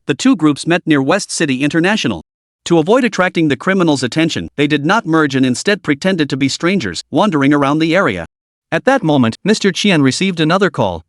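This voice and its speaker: A man narrates a story recap in a steady, even reading voice. His voice sits a little high for a man, and the recording is dry and close, with no room sound around it. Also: dry recording.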